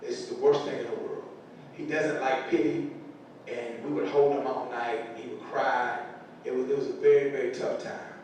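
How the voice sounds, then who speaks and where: A man's voice: flat delivery, moderate pace, a little mellow. Earnest man in an echoey hall. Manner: earnest, emotional storytelling. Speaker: parent speaking to school staff. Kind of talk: motivational speech. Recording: echoey large room from far off, faint rumble.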